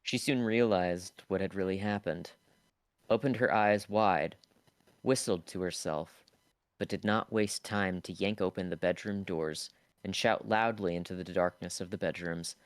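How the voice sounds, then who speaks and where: A man's voice: low voice, fairly even intonation, a little slow, smooth, no room sound. A man streaming live, reading a novel aloud in a casual way, stumbling over words now and then.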